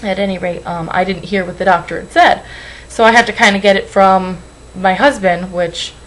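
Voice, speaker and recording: A woman's voice: medium pitch, fairly even intonation, moderate pace, poor audio. A young woman vlogging at home into a webcam, rambling and apologizing, anxious and close to tears. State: tearful. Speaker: weight-loss vlogger. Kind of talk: emotional webcam vlog.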